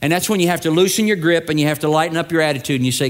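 Pastor guy preaching, pretty high voice, tells stories and builds up to loud punchy bits. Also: very fast. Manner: storytelling with acted-out voices, building to emphatic peaks. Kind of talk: sermon.

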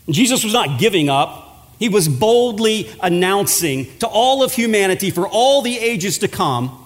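High-voiced preaching man in a reverberant hall. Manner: preaching with dramatic pauses and drawn-out words. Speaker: pastor. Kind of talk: sermon.

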